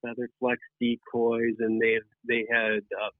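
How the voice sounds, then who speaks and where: A man who is a guest on a podcast, telling a hunting story in an animated, rambling way with many restarts, heard over tinny phone-line audio. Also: mid-range voice, measured pace, no echo. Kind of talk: casual storytelling.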